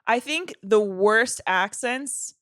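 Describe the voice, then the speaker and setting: A young woman co-hosting a podcast in casual chat, sarcastic and quick to laugh. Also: a little high, no room sound, studio quality. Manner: sarcastic, laughs often, animated. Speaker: podcast co-host.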